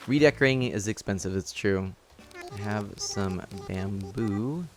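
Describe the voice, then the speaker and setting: A man's voice: on the low side, unhurried, over music. A man casually streaming a life-sim game, chatting and laughing as he reads chat aloud and explains his setup. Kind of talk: casual live-stream commentary.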